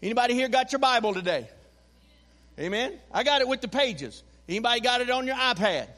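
High-voiced preacher in an echoing church. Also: male voice, a little fast. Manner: animated preaching with call-and-response to the congregation. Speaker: pastor. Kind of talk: sermon. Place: church sanctuary.

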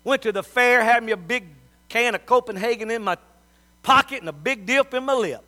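A man's voice: extremely high pitch, fairly quick, pushed and bright. A middle-aged man, preaching a sermon as a pastor and telling folksy stories.

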